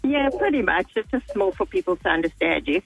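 A woman from South Africa with a South African accent, giving relaxed, brief answers on a radio show. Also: medium pitch, fairly quick, gravelly, breathy edge, muffled recording, soft background music. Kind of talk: casual radio chat.

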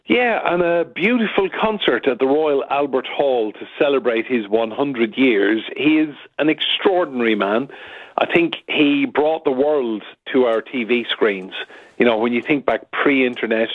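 A news reporter in his fifties tells a chatty anecdote over the phone. His husky voice comes through a tinny, dry phone line. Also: medium pitch, animated, measured pace, no echo. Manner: chatty storyteller, acts out quotes. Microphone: telephone.

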